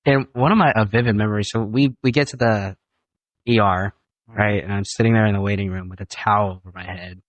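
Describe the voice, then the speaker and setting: A young man on a family podcast, telling an animated story and swearing casually. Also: lowish voice, fairly quick, dry recording. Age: young adult. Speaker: guest, son.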